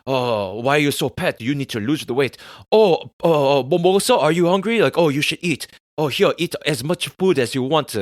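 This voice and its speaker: A man doing a higher, fussy old immigrant dad voice that dotes and scolds in broken English. the sound is dry and close, with no room echo. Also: moderate pace, lightly acted. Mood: doting, fussing. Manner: broken English, fussing and coaxing.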